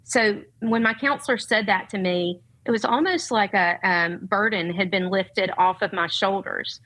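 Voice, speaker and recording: A woman's voice: medium pitch, moderate pace, fairly bright tone, low-quality recording. A middle-aged woman with a Southern US accent, speaking earnestly and from the heart as a guest on a podcast. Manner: earnest, heartfelt, faith-centered. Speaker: guest, parent and educator. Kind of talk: podcast conversation.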